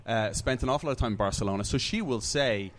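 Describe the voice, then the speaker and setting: Irish-born man, lively panel talk. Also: mid-range voice, fast. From Ireland. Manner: animated, repeats words while working out a point. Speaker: soccer broadcaster. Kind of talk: casual panel discussion. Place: brewery, recorded live.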